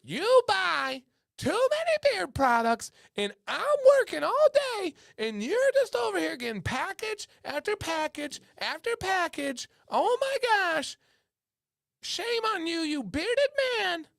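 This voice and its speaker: A man putting on a shrill falsetto voice, mocking a nagging wife who turns doting. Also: big pitch swings, slow pace, creaky, fairly bright tone, no echo, studio quality, exaggerated voice. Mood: scolding. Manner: exaggerated mock nagging.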